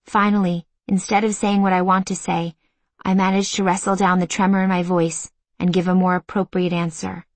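A woman's voice: lowish voice, little pitch movement, no echo. Woman narrating an emotional audiobook. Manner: intimate, emotional, measured. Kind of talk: first-person audiobook narration.

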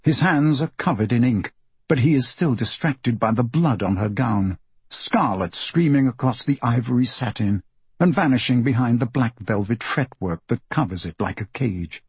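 A man narrating a literary novel in a measured, even storytelling manner, close to the mic. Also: medium pitch, husky, no echo. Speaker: audiobook narrator.

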